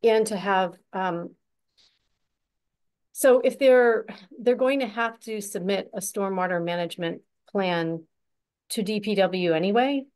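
A woman's voice: medium pitch, a little slow, a little mellow, clear, resonant tone. A woman at a town committee meeting, explaining permit requirements with many fillers and restarts.

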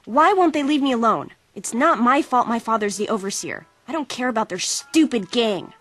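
A woman's voice: a little high, expressive, normal speed, fairly bright tone, faint music behind. An actress playing an annoyed teenage girl who is exasperated and pleading.

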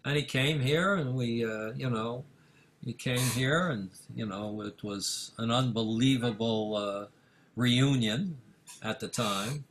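A man's voice: medium pitch, takes it slowly, a little hiss or hum. Older man spinning a rambling anecdote. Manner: rambling, many fillers, acts out dialogue with rising excitement. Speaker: music manager guest. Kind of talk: anecdotal storytelling in an interview. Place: office in Manhattan.

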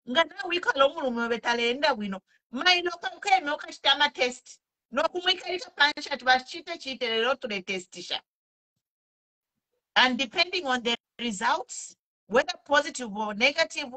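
Earnest Zambian woman, bright voice. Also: sits high. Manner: earnest, pleading, switches languages mid-sentence. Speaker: speaker sharing testimony. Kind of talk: personal testimony mixing English and Bemba.

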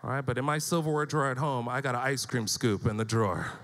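A man in his thirties doing live stand-up comedy on stage, telling animated stories and acting out the voices of the people in them. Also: mid-range voice, fast talker, background noise.

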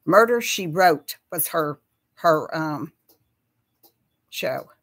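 A woman's voice: low-pitched, animated, drawn-out words. A middle-aged woman with a Texas accent, chatting casually with viewers on a live stream and calling them y'all. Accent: Texan. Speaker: host of a live chat.

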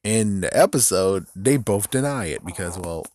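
A man's voice: low voice, animated, moderate pace, darkish tone, no echo, clean studio sound. A man giving a casual, rambling recap of a TV episode, laughing often and slipping into raised voices to mimic the characters. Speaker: video commentator.

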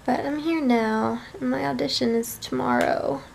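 A woman's voice: sits high, fairly even intonation, moderate pace, vocal fry, a little mellow. A tired young woman chatting casually as she vlogs a tour of a small hotel room, with self-deprecating asides. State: tired and yawning. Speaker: vlogger.

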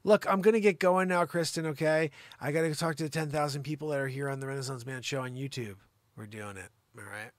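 A man hosting a live improvised comedy show, teasing and scolding a caller in a loud, mock-outraged rant. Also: fairly high pitch, quick pace, no room sound.

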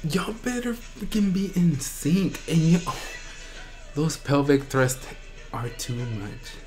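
A man hosting a reaction video, gushing with excitement and often breaking into shrieks and squeals. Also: on the high side, slow pace, soft background music. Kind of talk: excited fan reaction commentary.

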